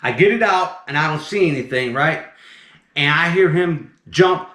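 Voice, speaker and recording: Southern man, casual yarn-spinner, slightly high voice, room echo. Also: normal speed. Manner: animated, chatty, keeps saying "right?" and "mind you". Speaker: snake removal operator. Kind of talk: casual storytelling. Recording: roomy echo.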